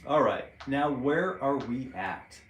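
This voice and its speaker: A man's voice: mid-range voice, animated, slow, a little hiss or hum. A man hosting a casual live-stream guitar lesson, chatting in a rambling way and counting rhythms aloud while he plays, recorded on a propped-up phone at home. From United States. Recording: roomy echo under loud guitar playing.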